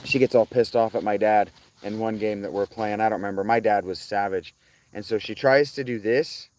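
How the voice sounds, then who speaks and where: Crickets fill the rural outdoor setting as this man talks loosely to his stream audience in a fairly low, somewhat mellow voice. His talk wanders, he breaks off and starts over, and laughter comes often.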